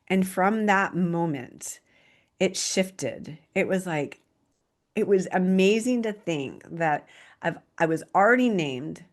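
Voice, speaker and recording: A woman in her forties, a podcast host, telling her personal story in an earnest, slow and reflective way with frequent restarts. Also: lowish voice, lively intonation. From Texas, United States. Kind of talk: personal testimony monologue.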